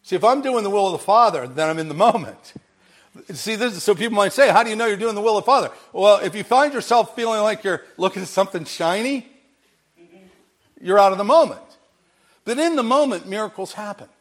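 High-voiced emphatic man preaching. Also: lively intonation, a little fast. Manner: emphatic, repeats phrases, swings from quiet to loud. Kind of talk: sermon.

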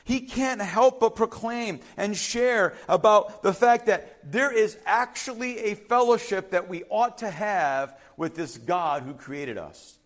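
A man's voice: sits high, takes it slowly, hardly any pauses. A man preaching a sermon, emphatic, repeating key phrases and putting questions to the congregation. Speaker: pastor.

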